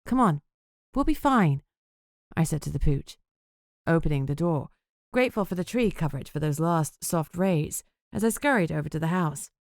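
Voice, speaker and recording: A woman narrating a first-person audiobook with an expressive reading. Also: low voice, a little fast, vocal fry, dry recording, studio quality.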